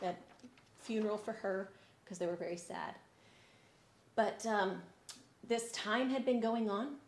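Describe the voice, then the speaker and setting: Woman children's church teacher, expressive storytelling, echoey church room. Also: medium pitch. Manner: expressive, swinging between sad and lively. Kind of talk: Bible story lesson for kids.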